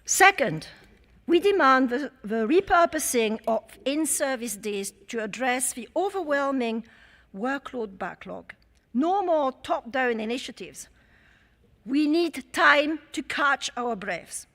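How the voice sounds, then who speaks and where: A woman with a French accent gives an emphatic, rhetorical address to a union conference. Her voice sits high and bright in pitch. The sound carries the long reverb of a large hall. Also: expressive, takes it slowly. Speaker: conference speaker and chair. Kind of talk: conference speech.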